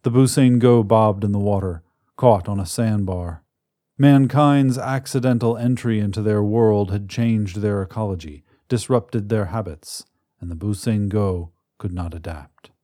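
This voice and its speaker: A man narrating a science fiction story in a measured, dramatic manner. His voice is low and mellow, recorded close and dry with no room around it. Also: no room sound. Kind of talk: scripted narration.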